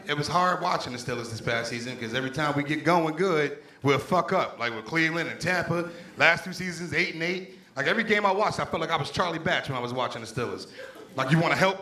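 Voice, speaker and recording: A man's voice: on the high side, sharp tone. A man from Pittsburgh doing a stand-up set in a small comedy club, cursing freely and working the crowd. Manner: profane, loose, crowd-working banter. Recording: echoey room with crowd noise.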